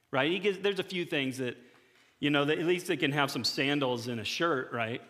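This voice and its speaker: A male pastor giving a conversational sermon to his church, often acting out quick imagined dialogues. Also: fairly high pitch, a bit bright, in a large hall.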